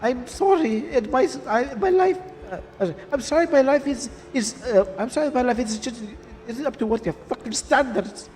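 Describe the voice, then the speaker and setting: A man's voice: very high-pitched, normal speed, few pauses, a little mellow, big-room sound, pitched above the performer's own voice. A man voicing an angry, hurt young adult daughter in a game, with a snapping, bitter delivery.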